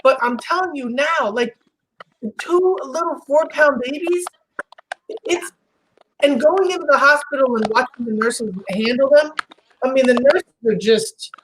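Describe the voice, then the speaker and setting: A middle-aged woman chatting casually, telling stories with animated acted-out quotes and frequent laughs. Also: high voice, unhurried, noisy background. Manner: animated storytelling, acts out quotes, laughs often. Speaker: host. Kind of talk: casual chat.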